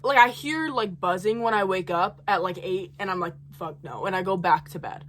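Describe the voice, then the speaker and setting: A woman's voice: mid-range voice, fairly quick, a bit bright, slight background noise. A young woman in college telling a profane, heated storytime rant in her own rambling way. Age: young adult. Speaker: college student vlogger.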